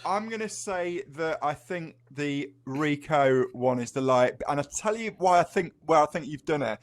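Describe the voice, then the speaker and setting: English man, podcast co-host, slightly high voice, chatty reasoning and teasing. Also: expressive, moderate pace. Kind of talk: casual pub chat.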